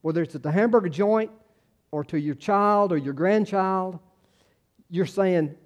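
A man's voice: high voice, unhurried. A man in his sixties preaching a sermon in a folksy, conversational way, repeating words and telling personal stories. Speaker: pastor.

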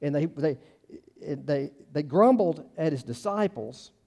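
A man's voice: a little high, animated, takes it slowly, gravelly, warm tone. A male pastor, preaching a conversational sermon full of restarts and acted-out quotes.

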